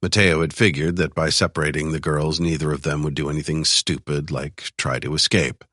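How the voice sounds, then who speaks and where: Male thriller narrator with an extremely deep voice, recorded in a dry studio. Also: steady tone, a little fast, pushed and bright, no room sound. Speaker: audiobook narrator.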